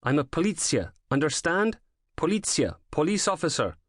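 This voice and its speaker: A man's voice: mid-range voice, big pitch swings, quick pace, dry recording, clean studio sound, pitched above the performer's own voice. A male reader voicing a tough detective sergeant who speaks in a firm, commanding way. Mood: tense.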